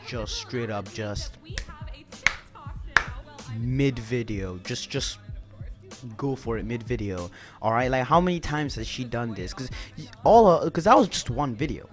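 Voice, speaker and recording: A man's voice: mid-range voice, expressive, a little slow, pauses often, soft background music. A young man ranting in a YouTube commentary video, swearing often and using lots of filler words.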